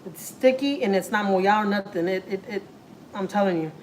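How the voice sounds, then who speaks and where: A woman's voice: medium pitch, moderate pace, a little mellow, slight background noise, poor audio. A woman, chatting casually to viewers while cooking in her home kitchen. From Houston, Texas. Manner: chatty, talks straight to viewers, lots of "like" and "y'all". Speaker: family vlogger.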